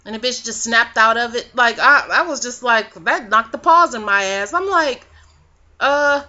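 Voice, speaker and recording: A woman's voice: a little high, unhurried, pushed and bright. A woman vlogging a casual recap of a reality show, sassy and profane in her gossip. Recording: dull lo-fi webcam audio.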